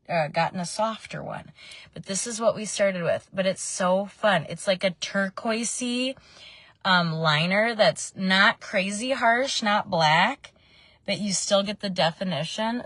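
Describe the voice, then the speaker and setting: With a medium-pitched, fairly bright voice, this woman talks a little slowly and there's no room sound. In her thirties, she's a makeup vlogger giving a casual tutorial from a parked car, drifting between tips and family updates with plenty of ums.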